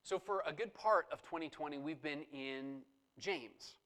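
A male pastor leading a church service, praying and giving announcements in a relaxed, conversational way with frequent fillers. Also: fairly high pitch, a little slow.

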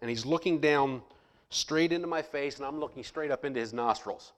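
A man telling a personal story to listeners in a lively way, acting out the people he quotes. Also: mid-range voice, fairly quick. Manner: animated, acts out the people he quotes. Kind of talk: personal anecdote told to listeners.

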